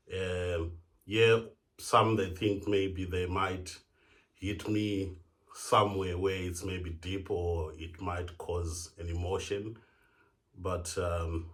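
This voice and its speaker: A man from Zimbabwe co-hosting a vlog, speaking to the camera in a hesitant, halting way. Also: deep voice. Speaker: vlog co-host. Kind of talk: casual address to camera.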